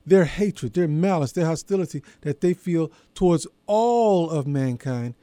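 A man hosting a religious radio program, preaching in a measured, emphatic way with deliberate pauses. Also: fairly high pitch, expressive, dark tone, dry recording. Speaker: radio show host and preacher. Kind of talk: radio sermon.

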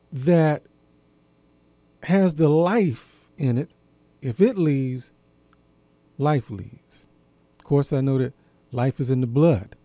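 A man hosting a talk program, musing aloud in a deliberate, folksy way and posing questions to his listeners. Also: a little high, mellow, no echo. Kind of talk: reflective monologue.

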